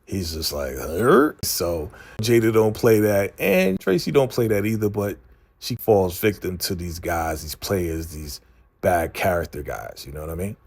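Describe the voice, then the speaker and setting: A man casually recapping a TV episode, acting out the characters' lines in a lively retelling. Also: sits low, unhurried, gravelly. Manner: animated retelling, acting out characters' lines, frequent "you know what I'm saying". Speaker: TV recap host.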